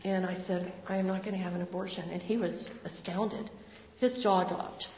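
An older woman sharing a personal faith testimony in an earnest, conversational way, with pauses and fillers. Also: on the low side, fairly even intonation, slight background noise. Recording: roomy hall, dull lo-fi sound.

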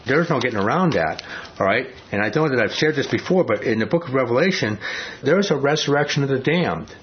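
A man's voice: mid-range voice, animated, fairly quick, a little hiss or hum. A man leading an informal Bible study, talking conversationally and often asking the class questions. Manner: conversational, asks the class questions, many fillers. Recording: dull lo-fi recording.

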